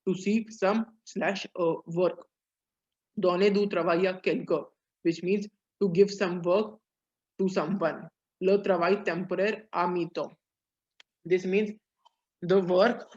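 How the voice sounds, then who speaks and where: A man teaching a French lesson online, translating phrase by phrase and pausing on "uh"s as he explains. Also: sits high. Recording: dull lo-fi audio.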